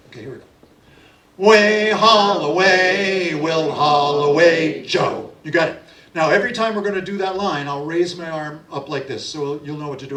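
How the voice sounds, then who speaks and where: A man's voice: on the high side, a bit bright, a little hiss or hum. Folksy male storyteller in a roomy hall. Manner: chatty and folksy, leads call-and-response singing. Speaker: folk singer and storyteller. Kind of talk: storytelling and leading a sing-along. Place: library event space. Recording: roomy sound from a distant mic.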